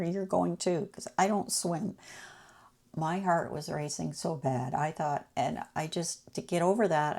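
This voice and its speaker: A woman with a low, slightly mellow voice hosts a channel and shares casual personal travel stories. She's chatty and anecdotal, acting out the people she quotes.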